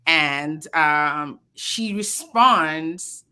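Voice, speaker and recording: A woman chats casually as a podcast host. Her voice is bright and clear, and she tells stories in an animated way, packed with fillers and quick laughs. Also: mid-range voice. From Nigeria. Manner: animated storytelling, laughs often, many fillers. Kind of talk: casual chat.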